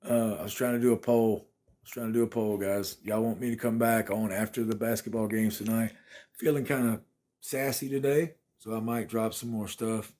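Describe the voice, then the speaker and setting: A man's voice: on the low side, little pitch movement, fairly quick, warm tone. A man, chatting casually on a phone livestream from his apartment and thanking viewers by name. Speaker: livestream host.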